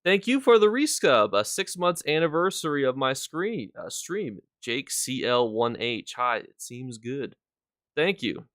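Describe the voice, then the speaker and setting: A man's voice: mid-range voice, big pitch swings, measured pace, a bit bright, dry recording, studio quality. A man casually talking to his viewers on a live stream, rambling through his points and stopping to thank people in chat.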